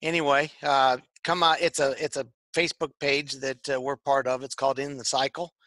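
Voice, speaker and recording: Male co-host, casual and rambling, crisp bright tone, dry close sound. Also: medium pitch, little pitch movement, fairly quick, no room sound. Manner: rambling, repeats words often. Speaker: podcast co-host. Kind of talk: casual chat. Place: tech shop.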